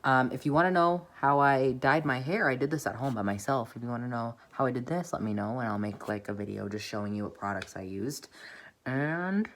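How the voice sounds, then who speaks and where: A young woman with a strikingly deep voice chats through a casual vlog update from home. She rambles, fills her sentences with "like," and pokes fun at herself along the way. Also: fairly quick. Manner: rambling, heavy use of "like"; chatty and self-deprecating. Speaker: vlogger.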